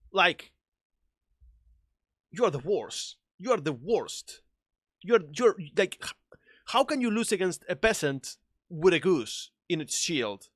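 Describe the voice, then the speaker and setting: A man with a non-native English accent streaming a video game, chatting excitably, laughing and swearing often. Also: on the high side, no room sound, clean studio sound. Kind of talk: casual live-stream chat.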